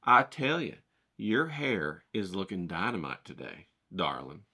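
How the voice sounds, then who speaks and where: A smooth-talking charmer, as a man puts him on, dropping into a low, hushed murmur to flatter. His tone stays soft and easy but bright at the edges. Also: unhurried, full character voice.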